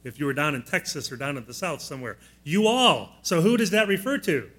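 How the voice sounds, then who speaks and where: Plainspoken male pastor, slightly high voice. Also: big pitch swings, quick pace, a bit bright. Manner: plainspoken, asks the congregation frequent questions; teaching style, walking listeners through note blanks. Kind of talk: sermon.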